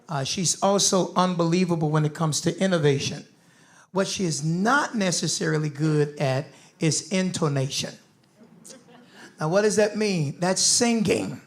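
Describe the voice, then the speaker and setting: A man in his fifties moderating a community forum in a lively town-hall manner, with a preacher's call-and-response style. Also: fairly high pitch. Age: 50s. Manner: preacherly, calls for crowd responses.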